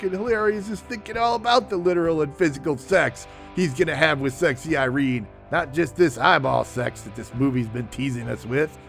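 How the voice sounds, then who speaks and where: Gravelly sarcastic male movie reviewer. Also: on the high side. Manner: sarcastic, deadpan asides. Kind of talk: sarcastic comic movie recap.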